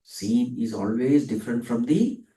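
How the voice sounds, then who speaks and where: A man's voice: medium pitch, warm tone, far from the mic. Man teaching in an echoey room. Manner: asks and answers his own questions; dwells on Sanskrit terms, drawn out slowly. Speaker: spiritual teacher. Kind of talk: Vedanta discourse.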